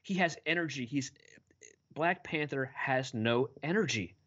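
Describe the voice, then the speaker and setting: A man's voice: medium pitch, measured pace, a bit bright, breathy edge, highs cut off. Blunt exasperated man ranting about movies. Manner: blunt, exasperated, swears a lot. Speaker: podcast co-host. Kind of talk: casual movie review chat.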